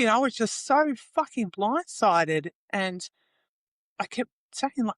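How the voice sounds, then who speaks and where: A woman's voice: lowish voice, fairly quick, no echo. A woman, a guest in an interview, telling her story in a raw, emotional way, swearing freely and acting out the quoted voices of others. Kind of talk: candid personal interview.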